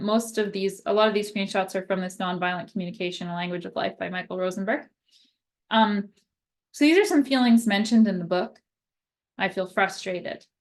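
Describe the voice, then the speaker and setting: Chatty woman teaching communication skills. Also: mid-range voice. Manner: conversational, often tags "right?", acts out example phrases. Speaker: occupational therapist. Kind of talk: casual explanatory talk.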